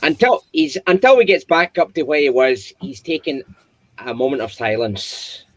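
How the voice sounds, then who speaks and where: A man's voice: fairly high pitch, normal speed, no echo, rough recording. A man chatting casually on a video call, enthusiastic and joking. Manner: enthusiastic, jokey.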